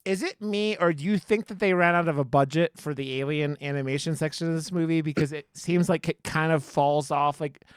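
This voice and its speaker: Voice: medium pitch, a little fast, hardly any pauses, clean tone, no room sound, clean studio sound. A podcast co-host in casual chat, rambling and profane, full of "like" and false starts. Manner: rambling, profane, lots of likes and restarts.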